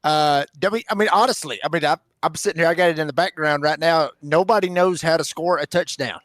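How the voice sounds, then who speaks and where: A man makes wry, joking asides as he co-hosts a race broadcast. His voice sits a little high for a man. The sound is close and dry. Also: fast, fairly bright tone, dry recording. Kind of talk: casual race broadcast banter.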